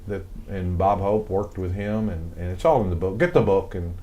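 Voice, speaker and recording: An older man with a light Southern American accent, his voice sitting very low. He rambles through his stories in a casual interview, full of fillers and restarts. There is a faint hiss of noise behind him. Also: fairly even intonation, normal speed, mellow, lo-fi sound. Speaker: guest, songwriter and composer.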